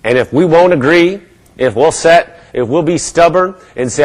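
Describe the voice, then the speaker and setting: A man preaching a sermon, switching between a low, gloomy inner voice and bold, rising declarations. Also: a little fast, poor audio. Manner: acts out a gloomy mumbling inner voice, then lifts to bold declarations.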